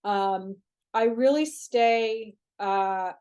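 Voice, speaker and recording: Animated chatty woman guest, bright higher voice. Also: clean tone. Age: older adult. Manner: animated, chatty, quick to laugh, many fillers. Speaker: guest author. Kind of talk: casual conversational interview.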